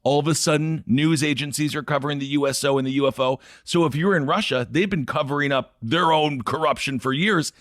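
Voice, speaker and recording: A man's voice: fairly high pitch, brisk, few pauses, fairly bright tone, dry recording, clean studio sound. A man co-hosting a podcast in casual chat, rambling through his points and joking around. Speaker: podcast co-host.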